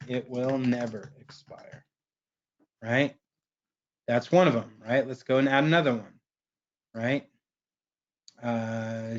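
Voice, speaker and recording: A man presenting a webinar, walking through a software screen share in a casual way and tagging his sentences with "right?". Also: medium pitch, lo-fi sound. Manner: casual, keeps asking "right?".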